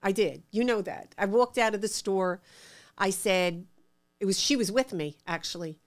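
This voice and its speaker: A middle-aged woman with a New York accent, telling stories from her life in a casual, animated way and acting out the voices in them. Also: medium pitch, normal speed. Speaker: interview guest. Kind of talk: casual storytelling.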